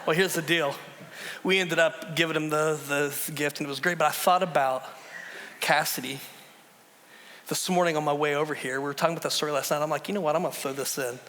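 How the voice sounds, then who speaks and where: High-voiced pastor in a reverberant church. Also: male voice, fast, slight background noise. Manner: animated storytelling with repeated words and sudden hushed drops. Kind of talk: sermon. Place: church sanctuary. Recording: long reverb of a large hall.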